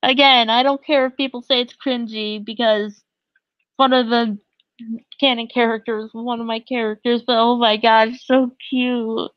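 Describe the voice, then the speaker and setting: A woman streaming in casual chat, giggly and flustered, gushing over what she sees. Her voice sits fairly high and she talks slowly. The recording is dry and a bit dull and lo-fi. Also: flat delivery, clean tone, no room sound.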